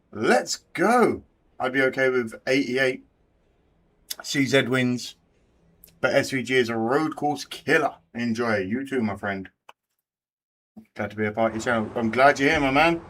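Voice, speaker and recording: A man's voice: medium pitch, fairly bright tone. An English man hosting a live race watch party, bantering with his chat and swearing freely. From England. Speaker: livestream host.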